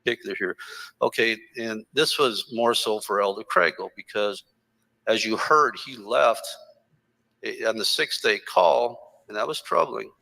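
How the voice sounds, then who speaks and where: A man's voice: fairly low pitch, unhurried, vocal fry, sharp tone, in a large hall, rough recording. A man, a church elder, explaining things carefully in a recorded call, with some restarts.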